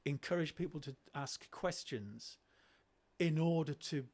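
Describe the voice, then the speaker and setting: A middle-aged man, a podcast guest telling classroom stories in a lively way, often restarting his sentences. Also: on the high side, unhurried. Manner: animated, acts out children's voices, frequent restarts. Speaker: guest, education speaker. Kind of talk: conversational storytelling.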